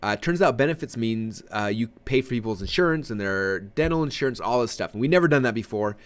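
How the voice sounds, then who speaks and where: A man presenting a marketing webinar in an energetic, conversational way, often checking in with his audience. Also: mid-range voice, fast talker.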